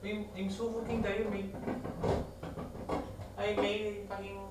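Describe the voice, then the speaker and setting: A man's voice: high-pitched, completely flat delivery, a little slow, recorded from a distance, very noisy, voice pushed up. A man doing a put-on Irish accent as a tired bloke, drawling and repeating himself. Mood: weary. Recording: echoey room.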